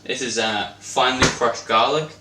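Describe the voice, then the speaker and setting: His voice is medium-pitched and steady, at normal speed, as he cooks at home and rambles through jokes aimed partly at his pet bird. It's a casual cooking vlog captured on a distant mic with roomy echo and faint noise.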